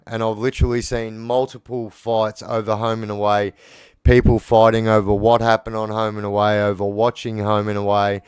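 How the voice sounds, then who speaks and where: A man's voice: mid-range voice, clean tone, dry recording, clean studio sound. An Australian man in casual monologue, bluntly rambling about prison life and swearing freely. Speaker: former prisoner telling stories.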